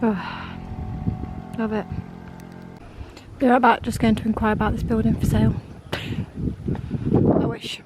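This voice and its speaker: A woman's voice: fairly high pitch, flat delivery, unhurried, long pauses. Giggly young woman vlogging outdoors. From England. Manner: chatty, giggly, often says "little" and "love it". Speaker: travel vlogger. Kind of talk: casual vlog narration. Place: outdoors on a coastal boat trip. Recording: noisy outdoor ambience with boat sounds.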